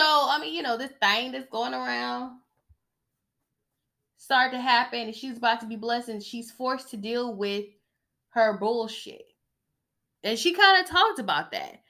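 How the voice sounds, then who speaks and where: A woman's voice: on the high side, pushed and bright. A woman hosting a podcast, talking in a blunt, chatty way about reality TV, often checking in with "okay?". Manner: blunt, chatty, emphatic with frequent "okay?" asides. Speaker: podcast host. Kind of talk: casual gossip commentary.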